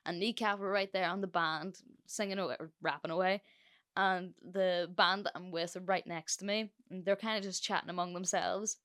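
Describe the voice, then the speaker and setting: A woman's voice: lowish voice, fairly even intonation, normal speed, fairly bright tone. A young woman hosting a solo podcast, telling a story in a chatty, sweary way with lots of fillers. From Ireland. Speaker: podcast host.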